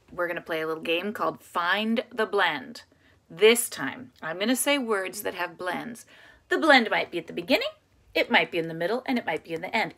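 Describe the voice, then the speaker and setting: A woman teaching a phonics lesson to young children, encouraging them and sounding out words slowly and clearly. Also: lowish voice, fairly bright tone.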